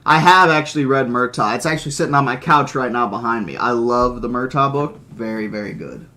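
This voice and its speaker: A man reading a novel aloud on a live stream, with plain, steady narration and casual asides to his viewers. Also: medium pitch, fairly quick. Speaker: audiobook reader and streamer.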